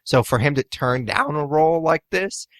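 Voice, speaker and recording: A man's voice: a little high, lively intonation, moderate pace, no room sound. A man co-hosting a podcast, giving blunt, skeptical opinions in casual chat. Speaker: podcast co-host.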